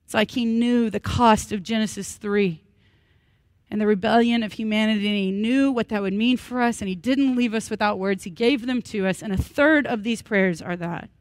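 A woman's voice: medium pitch, normal speed, no room sound. Earnest woman pastor in her thirties preaching. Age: 30s. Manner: earnest, with lively humorous asides. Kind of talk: sermon. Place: church worship service.

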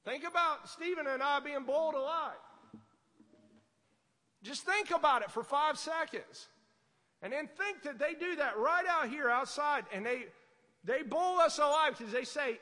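A man preaching a fervent sermon, swinging from quiet asides to loud exhortation. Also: extremely high pitch, unhurried, long reverb tail. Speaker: pastor.

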